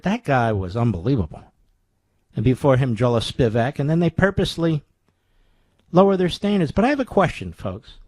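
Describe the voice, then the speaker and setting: A man's voice: on the high side, a little mellow, no room sound. A man hosting a talk radio show, delivering a sarcastic, combative monologue full of rhetorical questions from a studio microphone.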